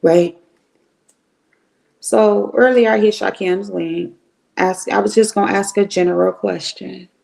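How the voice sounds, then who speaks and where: A middle-aged woman from Cleveland giving blunt, profane, animated commentary on a livestream. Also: medium pitch, a little slow, creaky, pauses often. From Cleveland, Ohio.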